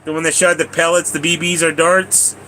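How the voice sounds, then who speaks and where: A man's voice: a little high, little pitch movement, a little fast, sharp tone, a little hiss or hum, poor audio. A man live streaming, telling long rambling stories to his chat, repeating himself, laughing and swearing casually.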